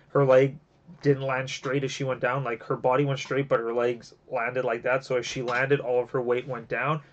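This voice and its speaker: A man hosting a casual wrestling review show, rambling with lots of fillers and restarts, and getting emotional at times. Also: mid-range voice. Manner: gets emotional and teary. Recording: dull lo-fi home recording.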